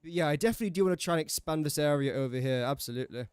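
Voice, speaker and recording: A man's voice: fairly high pitch, racing, a little mellow, smooth, no echo, clean studio sound. A young English man streaming a game, chatting and joking to himself and to the characters on screen. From England. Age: young adult. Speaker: gaming streamer. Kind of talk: casual gameplay commentary.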